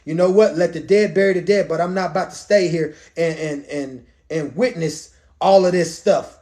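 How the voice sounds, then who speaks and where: A man's voice: fairly high pitch, moderate pace, a little mellow, close to an everyday voice. A man voicing a restless young son telling his father he must leave home, in casual slang.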